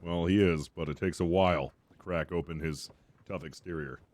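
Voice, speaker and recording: A man's voice: deep voice, steady tone, moderate pace, a little mellow, dry recording. A man from Wisconsin, a streamer chatting casually with viewers, laid-back and wry.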